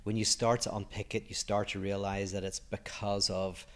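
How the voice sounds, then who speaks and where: A man's voice: on the low side, level tone, moderate pace. A man with a Northern Irish accent, musing reflectively as a podcast co-host in casual chat. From Northern Ireland.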